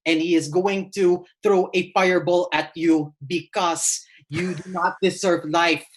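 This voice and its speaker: A boastful male wizard with a Filipino accent speaks in a grand, threatening tone, as a man puts him on. The voice sits a little higher than normal speech and comes out slightly louder. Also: fairly even intonation, measured pace. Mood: menacing.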